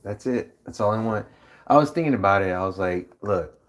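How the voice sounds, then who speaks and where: A man's voice: lowish voice, animated, brisk, roomy sound. A man live streaming in casual chat, rambling and profane, full of slang.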